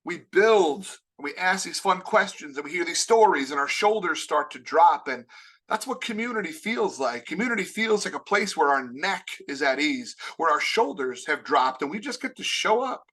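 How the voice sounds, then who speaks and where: Bright, high-voiced New man giving a keynote. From Long Island, New York. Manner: animated, jokey, with quick impressions. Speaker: keynote speaker. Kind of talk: comedic motivational keynote.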